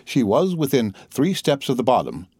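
A man narrating a classic novel as an audiobook in a steady, measured way. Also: medium pitch, slightly rough, no echo, clean studio sound.

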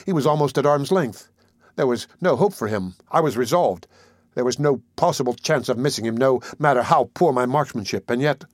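A man's voice: medium pitch, dry recording. Man narrating a classic novel, dry close sound. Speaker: audiobook narrator. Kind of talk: first-person literary narration.

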